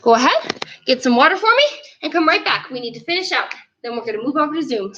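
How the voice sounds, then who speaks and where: A woman teaches an online martial arts class, coaching upbeat and counting reps aloud, in a high, fast, sharp-toned voice with big pitch swings. A distant camera mic gives the sound a roomy, dull, lo-fi quality.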